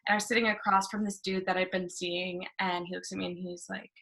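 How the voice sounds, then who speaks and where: A woman's voice: on the low side, little pitch movement, fast talker, gravelly, pushed and bright, a little hiss or hum. A young woman doing self-mocking stand-up from her living room over a video call, laughing through her punchlines. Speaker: stand-up comedian. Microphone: webcam on a video call.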